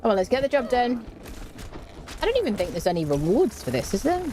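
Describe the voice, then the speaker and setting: A woman's voice: a little high, sing-song, a little fast, mellow, slight background noise. A woman streaming a game, chatting casually, humming little tunes to herself, joking and talking to enemies and her chat as she plays. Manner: chatty, hums and mutters to herself while playing. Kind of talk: casual gameplay commentary.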